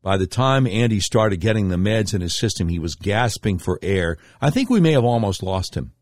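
A man's voice: animated, normal speed, no room sound, studio quality. Emphatic, indignant male radio talk host. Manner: emphatic, indignant storytelling with sharp pitch swings. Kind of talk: political commentary monologue.

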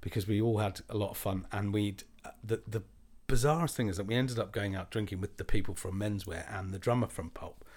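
Male podcast co-host, lowish voice, animated anecdote teller who acts out quotes. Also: brisk. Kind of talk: casual chat, storytelling.

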